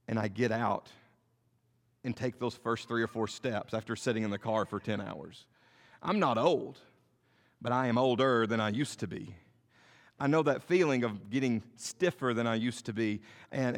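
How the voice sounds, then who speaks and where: A middle-aged male pastor preaching a sermon, swinging between loud and soft and asking the congregation rhetorical questions. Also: mid-range voice, long reverb tail.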